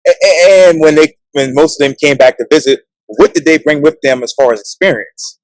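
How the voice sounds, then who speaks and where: A man's voice: on the high side, a little fast, poor audio. A man hosting an interview, asking short questions and giving brief reactions. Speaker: interviewer host.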